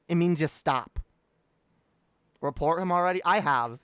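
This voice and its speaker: High-voiced man ranting. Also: a little slow, a bit bright, clean tone. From Canada. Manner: heated, profane, repetitive. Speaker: streamer. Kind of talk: ranting livestream talk.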